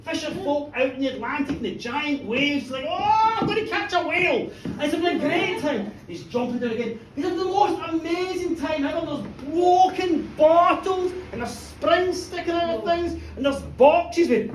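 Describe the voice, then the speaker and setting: Animated woman telling a story. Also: high-pitched, normal speed, few pauses, slight background noise. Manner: animated, playful, acts out a boy's voice. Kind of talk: live comic storytelling. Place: bar with live audience. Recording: echoey bar recorded from far off.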